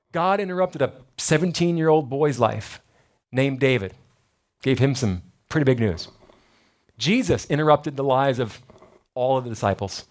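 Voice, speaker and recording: A male pastor preaching a sermon with animated, conversational storytelling. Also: mid-range voice.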